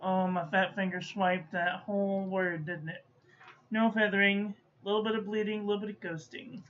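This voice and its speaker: A woman reviews stationery in a casual way, muttering to herself and scolding playfully as she goes. Her voice is medium-pitched and level at a moderate pace. The audio is dull and lo-fi, with faint noise behind it.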